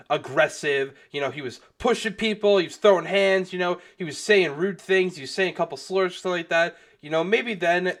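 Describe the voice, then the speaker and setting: A man's voice: a little high, a bit bright. A young man giving casual commentary on a video, rambling with lots of fillers and restarts and swearing freely. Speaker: commentary youtuber.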